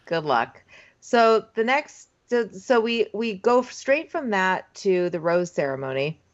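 A woman's voice: medium pitch, sing-song, slow. Teasing woman on a dull lo-fi line. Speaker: podcast co-host. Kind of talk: casual recap chat. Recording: dull lo-fi sound.

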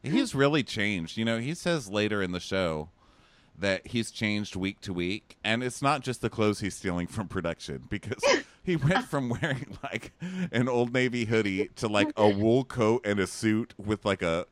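A man's voice: fairly low pitch, moderate pace, no room sound. A man co-hosting a casual podcast chat, gossiping with many "like"s. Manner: animated, gossipy, lots of "like". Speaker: podcast co-host.

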